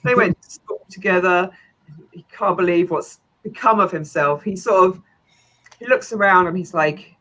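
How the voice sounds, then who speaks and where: A woman's voice: fairly low pitch, moderate pace, pushed and bright, rough recording. A woman game master who narrates a tabletop game in a chatty way, with frequent laughs and fillers.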